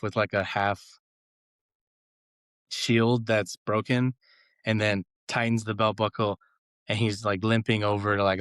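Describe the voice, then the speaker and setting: A man's voice: on the low side, flat delivery, unhurried, pauses often, fairly bright tone, clean tone, no echo, clean studio sound. A man co-hosting a casual podcast chat, telling stories animatedly and acting out quotes with laughs. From Los Angeles. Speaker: guest cohost.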